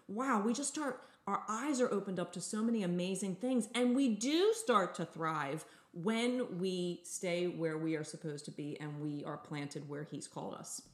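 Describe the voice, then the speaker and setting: A woman's voice: mid-range voice, roomy sound. A woman sharing a faith story earnestly, as co-host of a Christian talk show. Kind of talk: faith-based podcast chat.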